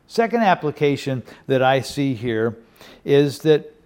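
An older pastor preaches in a medium-pitched, sing-song voice that is clear, resonant, and a little mellow, taking his time. The sermon is earnest and conversational, with repeated "okay?" and "you know" checks with the congregation.

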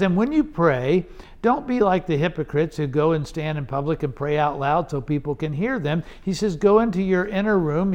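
A man's voice: on the high side, darkish tone. A man teaching through a Bible passage verse by verse, explaining in a conversational way with rhetorical questions and frequent restarts.

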